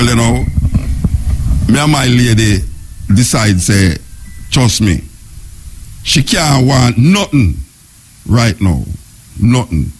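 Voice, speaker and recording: A middle-aged man with a Jamaican accent, hosting a radio show in casual, excited patois talk. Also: lowish voice. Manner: excited, laughing, patois chatter. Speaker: radio host. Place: radio studio.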